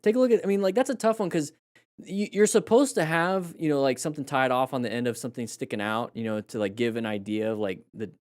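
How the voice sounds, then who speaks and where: A man with a medium-pitched, darkish voice talks quickly while casually commenting on motorcycle crash clips during a live stream. Chatty and rambling, he restarts sentences and uses fillers often, coaching with praise and jokes for the chat, in a clean studio recording with no echo.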